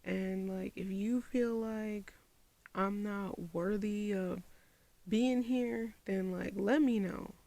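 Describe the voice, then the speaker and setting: A woman's voice: mid-range voice, slow pace, vocal fry. A young woman vlogger telling a personal story to her viewers on a phone camera, casual and conversational, acting out the back-and-forth of the conversation. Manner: animated storyteller who acts out quoted dialogue. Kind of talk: storytime vlog, casual retelling.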